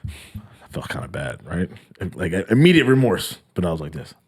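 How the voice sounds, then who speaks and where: A man co-hosting a podcast, telling a profane story in a casual, animated way and acting out the people in it. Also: low voice, moderate pace, slightly rough. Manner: profane, animated, acts out quotes. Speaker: podcast co-host.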